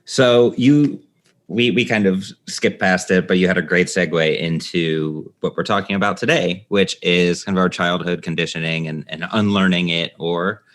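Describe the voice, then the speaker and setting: A man's voice: sits low, steady tone, normal speed, fairly bright tone. A man hosting a podcast in casual chat, thinking aloud and jumping between points. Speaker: podcast host.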